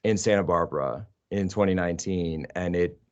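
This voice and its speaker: A man from the US East Coast, a podcast guest, telling relaxed anecdotes in casual conversation. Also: low voice, moderate pace, highs cut off.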